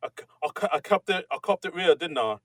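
A man's voice: on the high side, animated, fast talker, no room sound. A man co-hosting a comedy podcast in casual chat, rambling and self-mocking with many restarts. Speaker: podcast co-host.

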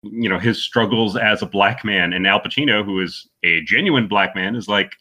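A man chatting on a podcast with a low-set, bright voice, laughing often as he talks. He keeps it casual and loose, tossing in quick asides. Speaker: podcast co-host. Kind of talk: casual chat.

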